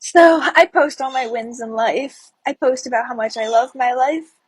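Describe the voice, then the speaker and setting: High, husky-voiced young woman, tearful. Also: normal speed, dry recording, low-quality recording. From Florida. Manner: tearful, breathless retelling of a breakup. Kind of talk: emotional storytelling to camera.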